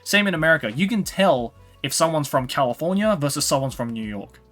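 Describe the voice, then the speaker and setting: A man's voice: a little high, lively intonation, brisk, fairly bright tone, soft background music. An Australian man chatting casually on a livestream, rambling with lots of "like" and "you know". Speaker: streamer. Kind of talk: casual chat.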